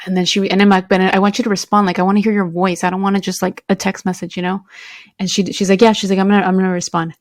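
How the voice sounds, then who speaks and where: A woman co-hosting a podcast, chatting emotionally with quick asides. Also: medium pitch, flat delivery, dry recording, studio quality. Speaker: podcast co-host. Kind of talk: casual chat.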